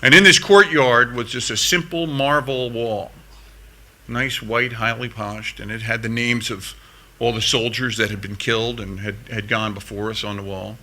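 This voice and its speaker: A middle-aged American veteran addresses a conference from a hall stage, earnestly telling a combat story. His medium-pitched voice is steady, pushed, and bright at normal speed, and he repeats words as he speeds up.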